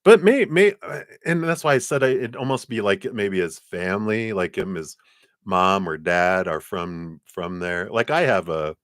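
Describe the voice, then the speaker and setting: A man giving a live-streamed tarot reading in a chatty, animated way, laughing often as he tells stories. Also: sits low, normal speed, no room sound, studio quality. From lives in Colorado. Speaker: tarot card reader.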